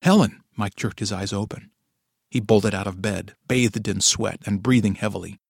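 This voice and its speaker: A man narrating a dark story in a low, measured storytelling voice. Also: fairly even intonation, gravelly, slightly rough, no room sound, studio quality. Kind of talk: dramatic audiobook narration.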